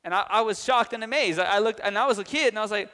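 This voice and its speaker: A young man preaching a sermon, lively, asking the congregation questions and telling anecdotes. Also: sits high, very fast. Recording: long reverb of a large hall.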